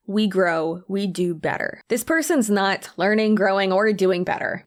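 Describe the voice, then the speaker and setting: A woman with a mid-range voice delivers blunt, emphatic commentary straight to camera. Her tone is indignant and direct, with casual phrasing throughout. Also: mid-range voice. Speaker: commentary video host.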